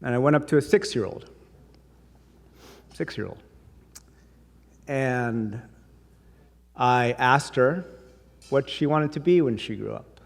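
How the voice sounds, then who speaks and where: A man's voice: mid-range voice, takes it slowly, creaky, pauses often. Man speaking in a reverberant hall. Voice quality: voices others in quoted bits. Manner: conversational, mixes humor into stories. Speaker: speaker at a dinner. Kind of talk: anecdotal speech. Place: large hall.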